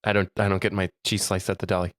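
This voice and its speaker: A man's voice: low voice, flat delivery, quick pace, a bit bright, dry recording, studio quality. A young man co-hosting a podcast, telling a story in casual chat, mimicking other people's voices and laughing often. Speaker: podcast co-host.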